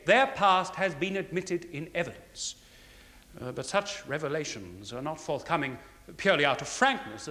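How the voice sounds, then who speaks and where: A prosecuting barrister from a 1970s courtroom drama, formal and emphatic, with a bright, lively delivery that rises and falls across each argument. His voice is slightly high and rings out with a long reverberation from the courtroom. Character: measured male barrister giving closing speech. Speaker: prosecuting counsel.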